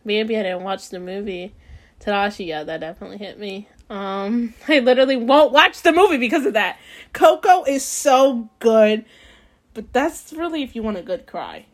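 A woman's voice: fairly high pitch, expressive, moderate pace. Rambling woman reading a bedtime story. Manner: rambling, drifts off topic, frequent "like" fillers. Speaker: podcast host.

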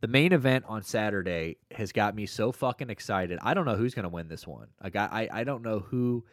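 A man co-hosting a podcast in casual chat, rambling and profane with excitable bursts. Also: lowish voice, fairly quick, no echo, clean studio sound. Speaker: podcast co-host.

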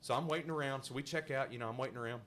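A man's voice: mid-range voice, racing, slight background noise. A male podcast host telling a story in casual chat, laughing often and acting out the voices of the people in it. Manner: animated, laughing, acts out voices in his anecdotes.

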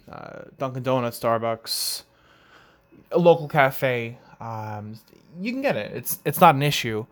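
Chatty Long Island man hosting a podcast. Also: medium pitch. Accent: Long Island New York. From Long Island, New York. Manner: relaxed and chatty, with many "uh", "you know" and "right?". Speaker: podcast host. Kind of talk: casual solo podcast talk.

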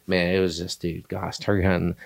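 A man's voice: low voice, completely flat delivery, a little fast, vocal fry. A man hosting a podcast, telling a hunting story in a rambling, casual way with many fillers. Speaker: podcast host. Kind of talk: casual chat.

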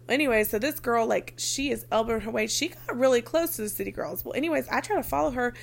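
Young woman, chatty vlogger storytelling, light vocal fry. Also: fairly high pitch, fast, few pauses. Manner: chatty, frequent "like" fillers, casual swearing. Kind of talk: casual storytelling.

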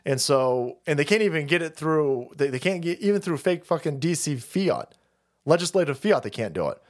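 A man with a slightly high, sing-song, somewhat mellow voice hosts a livestream at a moderate pace. He rants crudely and profanely, laughing often and rambling with repeated words.

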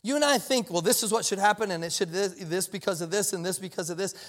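A male pastor in his thirties delivers a sermon in a casual, conversational way, with a fairly high voice. He often restarts and doubles his words and slips into quoted voices. The sound carries the long reverb of a large church auditorium. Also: fast talker.

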